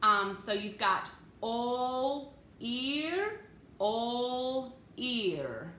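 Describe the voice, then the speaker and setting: A woman's voice: on the high side, sing-song, extremely slow, sharp tone, roomy sound, slight background noise. A woman choir teacher giving a vocal lesson, coaching diction step by step and singing phrases for the class to copy. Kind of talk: vocal lesson with sung demonstrations.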